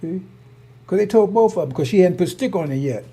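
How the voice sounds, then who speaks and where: A man's voice: sits high, lively intonation, a little fast, mellow, slightly rough. A man, telling a rambling personal story in a heated, emphatic, repetitive way. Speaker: online preacher.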